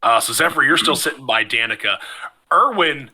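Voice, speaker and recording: A man narrating as game master of a tabletop game, relaxed and thinking aloud with many fillers. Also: mid-range voice, normal speed, breathy edge.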